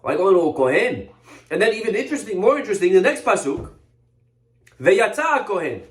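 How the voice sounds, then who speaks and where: Rabbi teaching in an echoey room. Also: male voice, sits high, fast talker. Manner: animated storyteller with many restarts. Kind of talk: Torah lesson storytelling.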